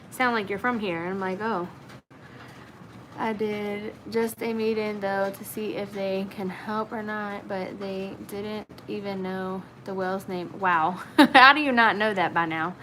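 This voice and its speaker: A woman's voice: medium pitch, fairly bright tone, slight background noise, poor audio. A woman from Virginia with a Southern accent, hosting a casual livestream and chatting through viewer comments with lots of fillers. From Virginia, Blue Ridge region. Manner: chatty, many fillers, reads comments aloud. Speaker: livestream host.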